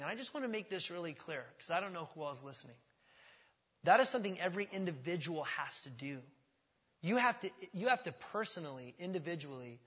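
A male pastor preaching a sermon in a church, emphatic and repetitive, swinging from quiet to loud. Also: a little high, slightly rough. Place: church sanctuary. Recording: long church reverb.

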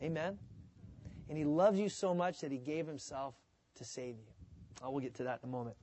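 A man preaching a sermon as pastor, in a conversational, animated way, sometimes acting out the voices of the people he quotes. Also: on the high side, fairly quick, dry recording.

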